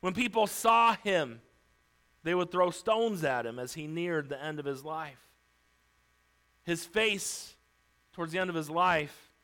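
Preacher guy telling a bible story all dramatic, clear smooth voice, takes his time. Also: fairly high pitch, fairly bright tone. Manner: vivid, theatrical retelling with acted outbursts.

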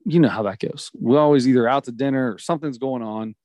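A man's voice: mid-range voice, fast, darkish tone, no echo. A man co-hosting a podcast in casual chat, joking and laughing often. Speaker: podcast co-host. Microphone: studio headphones and mic.

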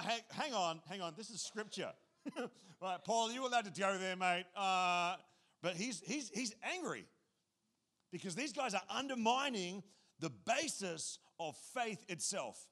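High-voiced male pastor, lively and joking, casual sermon delivery. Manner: animated, casual and joking, repeats phrases.

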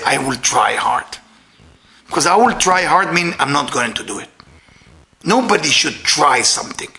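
Man, informal sermon, non-native English, tense bright voice, loud-to-quiet swings. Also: on the high side. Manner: emphatic, swings from loud to hushed.

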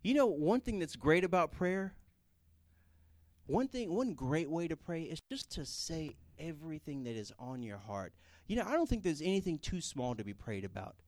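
Young man, high voice, dry close sound, casual comedic sermon, animated, jokey. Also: normal speed, no room sound. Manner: animated, jokey, acts out prayers in put-on voices. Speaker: youth speaker.

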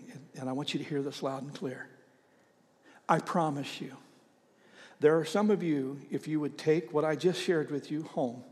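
A man preaching a sermon as pastor, earnest and emphatic, repeating key phrases and giving asides to the slide operator in a church. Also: a little high. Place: church auditorium. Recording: long hall reverb.

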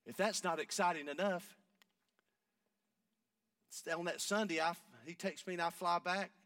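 A man, preaching a sermon and telling a story, going from hushed talk up to shouting. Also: sits high, measured pace, dry recording, recorded from a distance.

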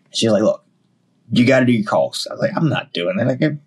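A man with a Southern US accent, a podcast guest telling stories in casual chat, animated and acting out other people's lines. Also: medium pitch, slightly rough. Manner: animated, quotes himself and others in quick bursts.

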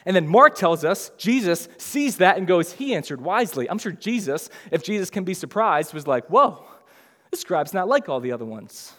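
A pastor preaching a sermon in a casual, conversational way, acting out the lines of biblical figures in lively voices. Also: male voice, sits high, normal speed, hardly any pauses, big-room sound.

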